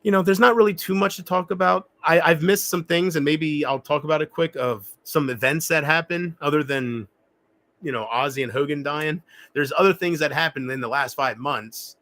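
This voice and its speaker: A man talking alone on a livestream, rambling and reflective, often halting and restarting his sentences. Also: on the high side, bright, forceful tone. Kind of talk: rambling solo livestream talk.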